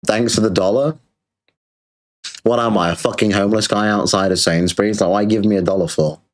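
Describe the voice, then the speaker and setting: A man's voice: fairly low pitch, steady tone, fairly quick. A British man hosting a livestream, talking in a crude, sarcastic, ranting way. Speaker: streamer host. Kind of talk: livestream rant.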